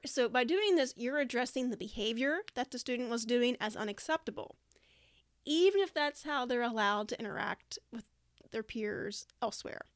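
A woman's voice: fairly high pitch, no echo, clean studio sound. A woman giving practical classroom behavior advice in a direct, demonstrating way. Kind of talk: podcast-style teaching talk.

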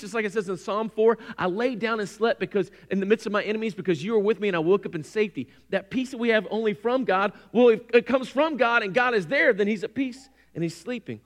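High-voiced, animated male preacher. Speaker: pastor. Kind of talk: sermon.

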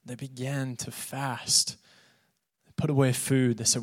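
A young man, a youth pastor, preaching an earnest, animated sermon and acting out the voices he quotes. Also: medium pitch, a little slow. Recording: podcast of a live church sermon.

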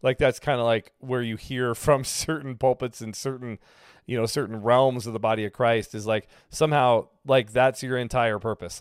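Smooth-voiced conversational male pastor. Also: mid-range voice, fairly even intonation, moderate pace, dry recording, studio quality. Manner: conversational, self-correcting, with frequent fillers. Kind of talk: casual sermon teaching.

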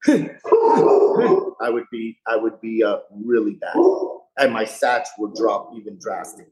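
A man's voice: lowish voice, darkish tone. A man in his forties, a fire rescue lieutenant, candidly retelling his story in a chatty podcast interview. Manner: candid, chatty retelling with frequent "you know". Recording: roomy echo.

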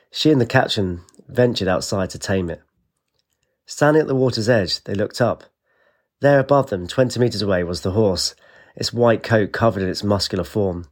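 A man, narrating an audiobook with steady storytelling. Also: on the low side.

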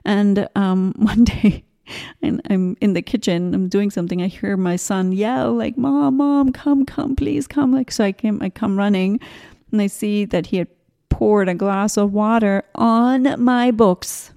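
Mellow-voiced woman hosting a spiritual podcast. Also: mid-range voice, fairly even intonation, a little slow. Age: 40s. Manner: gentle, rambling, with side tangents and restarts. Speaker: podcast host. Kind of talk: casual spiritual podcast talk.

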